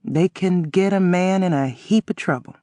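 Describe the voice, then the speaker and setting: A man voicing a wheezing old man who speaks in a low, weak voice with a blunt, folksy manner in an audiobook. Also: moderate pace, dark tone, no echo, studio quality, lightly acted.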